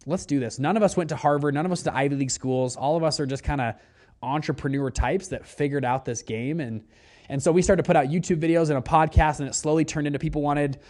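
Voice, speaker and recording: A man in his twenties telling his story casually, acting out quoted dialogue with lively shifts in pitch. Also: fast talker. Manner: animated, acts out quoted dialogue with rising pitch.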